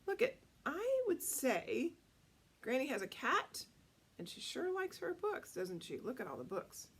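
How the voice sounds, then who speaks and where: A woman storyteller reading a picture book aloud to children, animated and asking them questions. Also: high-pitched, a little slow, slight background noise.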